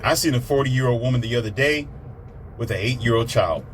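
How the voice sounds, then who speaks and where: Heated man, preachy ranting monologue, mid pitch, faint background noise. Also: fairly quick. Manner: heated, preachy, swears, mimics others in raised voice. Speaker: commentator.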